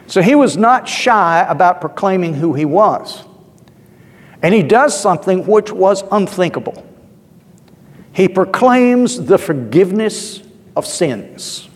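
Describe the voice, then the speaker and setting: A male pastor giving a sermon in a conversational, storytelling way, with asides and filler words. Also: high-pitched. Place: church. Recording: long church reverb.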